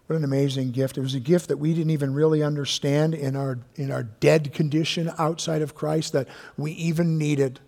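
A man's voice: a little high, steady tone, creaky. Preaching man in a reverberant church. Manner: emphatic preaching, drawn-out key words, drops to hushed tones. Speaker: pastor. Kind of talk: sermon. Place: church sanctuary. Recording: long reverb of a church hall.

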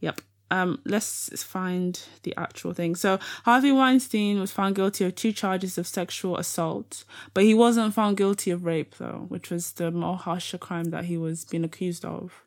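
A woman's voice: on the low side, unhurried, hardly any pauses. Laughing, chatty young woman. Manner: laughs often, chatty and animated, reads news items aloud. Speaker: podcast co-host. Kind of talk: casual chat.

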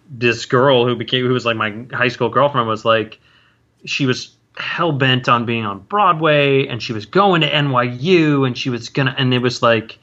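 Bright-voiced rambling actor guest. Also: male voice, medium pitch, muffled recording. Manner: rambling, halting, many self-interruptions and restarts. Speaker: guest, stage and screen actor. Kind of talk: casual interview chat.

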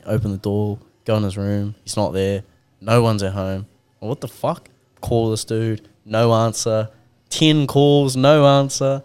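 A man's voice: fairly low pitch, level tone, moderate pace, darkish tone, smooth. A young man hosting a casual podcast, swearing freely and telling stories with acted-out dialogue. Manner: laid-back, swears a lot, tells stories with acted-out dialogue. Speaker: podcast host.

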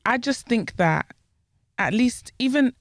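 A woman's voice: a little high, animated, slow, no room sound, studio quality. A woman co-hosting a casual podcast chat, who makes her points earnestly by piling up examples and restarting her sentences. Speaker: podcast co-host.

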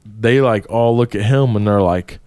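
A man's voice: on the low side, moderate pace, clear, resonant tone, no echo, clean studio sound. Profane man spinning a wild story. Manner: profane, animated storytelling with frequent swearing. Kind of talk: casual storytelling chat.

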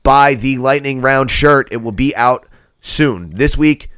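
A laid-back man hosting a podcast, swearing freely as he signs off. His voice is smooth and resonant, and the sound is dry and close to the mic. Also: medium pitch, unhurried, a bit bright, no echo. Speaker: podcast host. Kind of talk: casual podcast banter.

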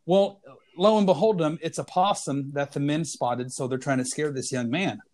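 Man, fairly high voice, casual podcast chat, laughing storyteller. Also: moderate pace. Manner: lively storyteller who laughs through his punchlines. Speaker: podcast co-host.

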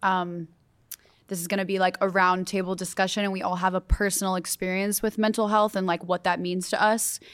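A woman's voice: medium pitch, flat delivery, brisk, fairly bright tone, clear, resonant tone. A young adult woman hosting a casual round-table podcast, talking candidly and earnestly with frequent fillers. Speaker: podcast host.

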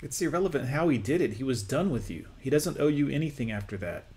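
A man's voice: medium pitch, animated, quick pace, loud music behind the voice. Man giving sarcastic reaction commentary. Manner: mocking, sarcastic.

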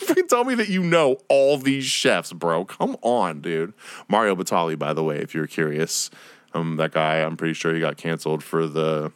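This is a solo podcast rant from a young man hosting his own show: he rambles, curses, laughs, and imitates people in silly voices to mock them. He speaks with a rumbling low, smooth voice at a moderate pace, recorded dry with studio quality.

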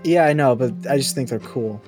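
A man's voice: mid-range voice, fairly quick, music in the background. A young man hosting a podcast, playful and teasing while reading out a quiz. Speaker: podcast host. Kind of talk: casual chat, reading a quiz.

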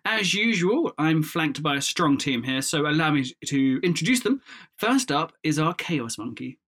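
Host: man, bright and forceful voice, playful, teasing banter. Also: on the high side, very animated, moderate pace. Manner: playful, teasing, laughs often. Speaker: podcast host. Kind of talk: casual podcast banter.

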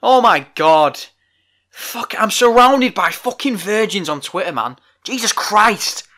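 A man's voice: sits high, lively intonation, slow, bright, forceful tone. A man hosting a wrestling podcast, ranting in a heated, profane way. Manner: profane, angry, emphatic.

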